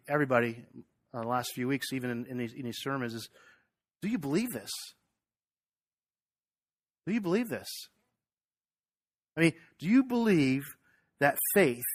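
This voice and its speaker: A man delivers a sermon in a relaxed, conversational way, often checking in with his listeners with little questions. His voice sits at an ordinary middle pitch. The sound is dry and close, with little room echo. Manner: conversational, asks the congregation questions; animated retelling with acted quotes. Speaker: pastor.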